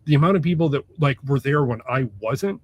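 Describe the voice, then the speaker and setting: A man of ordinary pitch chats as a guest author, with a loose and profane manner. He rambles through stories and packs them with fillers. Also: animated, fairly quick. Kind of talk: casual interview chat.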